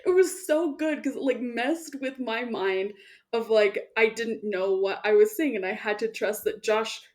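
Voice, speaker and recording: Brief: woman co-host, slightly high voice, lively storyteller who laughs a lot. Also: measured pace. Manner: animated storyteller, laughs often. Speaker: podcast co-host. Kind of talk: casual chat recounting gameplay.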